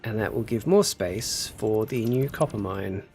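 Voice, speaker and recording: A man's voice: fairly low pitch, lively intonation, measured pace, creaky, a little mellow, faint music behind. A man casually chatting on a gameplay livestream, muttering to himself while building and answering his chat. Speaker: streamer.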